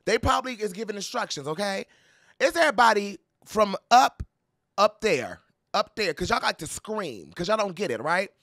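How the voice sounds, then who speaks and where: A young adult man giving playful, sassy pop culture commentary to camera, dramatic and full of mock quotes and quick laughs. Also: high-pitched, lively intonation, pushed and bright, no echo, studio quality. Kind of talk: animated casual commentary to camera.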